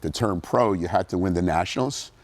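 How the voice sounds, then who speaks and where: Speaking briskly in a low voice, with a little hiss or hum in the recording, a middle-aged man from New Jersey, USA, shares his story as a former pro bodybuilder in a casual interview. He's lively in the telling and acts out people's words.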